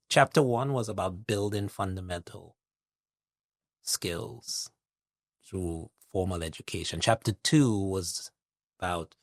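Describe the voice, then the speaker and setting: A middle-aged man from Trinidad, a guest investor speaking in a measured, reflective interview manner, building his points with analogies and lists. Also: on the low side, no echo, studio quality.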